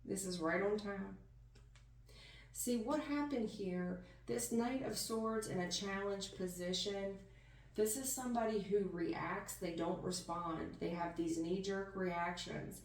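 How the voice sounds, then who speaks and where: Woman doing a tarot reading, emphatic and folksy, mid-pitched voice, sounds far from the mic in an echoey room. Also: fairly even intonation, a little slow. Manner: emphatic, folksy, calls listener hon and baby. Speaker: tarot reader. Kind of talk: casual spiritual reading. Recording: roomy sound, distant mic.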